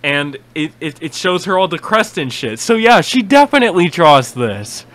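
Excitable young man reacting, swearing. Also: fairly high pitch, moderate pace. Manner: excitable, swearing, rambling with restarts. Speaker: reaction video host. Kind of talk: casual reaction commentary.

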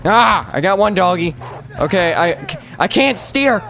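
A young man plays through a cowboy game with a friend, his voice high and lively. He jokes, laughs often and reads the game's prompts out loud in loose let's-play chatter. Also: a little slow. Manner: playful, giggly, lively, reads prompts aloud. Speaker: gameplay streamer. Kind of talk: casual let's-play commentary.

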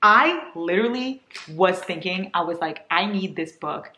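Young woman, book vlogger, excitable and gushing, echoey room with faint noise. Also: lowish voice, unhurried. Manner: gushing, excitable, breathless with delight. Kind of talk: casual unboxing chat.

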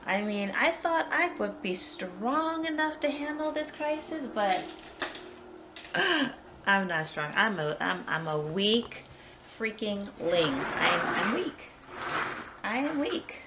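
A woman's voice: mid-range voice, sing-song, takes it slowly. Panicky woman vlogger exclaiming. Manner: panicky, exclamatory, repeats herself. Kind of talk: casual home vlog. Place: home storage room. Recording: noisy home video.

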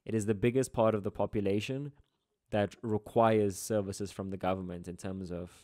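A man's voice: on the low side, steady tone, moderate pace, dark tone. A young man with a South African Durban accent, walking through exam answers as a geography tutor in a casual lesson, with chatty asides and playful slang.

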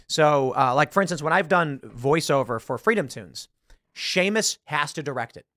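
A man's voice: on the high side, expressive, moderate pace, a bit bright, no echo, clean studio sound. A man hosting a casual talk show, rambling about films while searching online and acting out lines. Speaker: podcast host. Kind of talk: casual commentary.

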